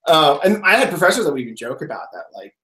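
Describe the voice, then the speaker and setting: A man chatting on a podcast, swinging his pitch widely as he acts out the people in his anecdotes. He laughs often and keeps the story rolling. The room is echoey. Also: big pitch swings, quick pace, sharp tone. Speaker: podcast co-host. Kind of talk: casual chat.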